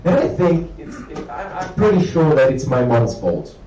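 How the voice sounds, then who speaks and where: A young man from Italy with an Italian accent doing a stand-up comedy set, acting out characters with big jumps in his voice. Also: normal speed. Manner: animated, acts out characters with big pitch jumps. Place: comedy club stage with audience. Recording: roomy, dull live club sound from a distance.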